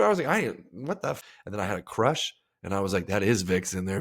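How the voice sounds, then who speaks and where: Crude jokey podcast host. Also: male voice, lowish voice, sing-song, fairly quick, hardly any pauses, husky. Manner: crude, jokey, acts out quoted voices. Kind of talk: casual banter.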